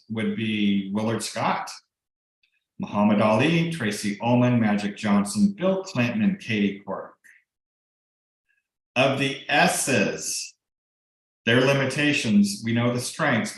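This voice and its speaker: A middle-aged man, a real estate broker and coach, giving a casual, explanatory team training with frequent ums and restarts over a video call. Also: lowish voice. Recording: very echoey room.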